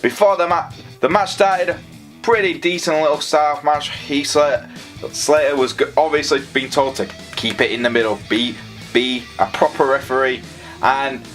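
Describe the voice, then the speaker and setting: A man's voice: a little high, unhurried, fairly bright tone, faint music behind. Sarcastic rambling male reviewer. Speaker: wrestling show reviewer. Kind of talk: casual review commentary.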